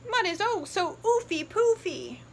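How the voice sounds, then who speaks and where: A woman's voice: very high-pitched, sing-song, measured pace, a little hiss or hum, voice pushed up, exaggerated voice. A woman voicing a whiny, scolding boy pig, the big brother in a picture book.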